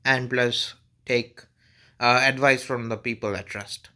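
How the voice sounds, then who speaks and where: A man's voice: medium pitch, fairly even intonation, a little slow, sharp tone. A man talking casually and unscripted to camera for his vlog, easygoing and rambling with frequent restarts. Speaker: vlogger. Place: at home.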